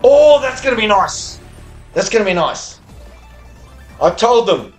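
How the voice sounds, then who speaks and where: Australian male slots streamer with a high voice; profane, excitable live commentary over faint game music. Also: measured pace, long pauses. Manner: profane, excitable, cheers at the screen.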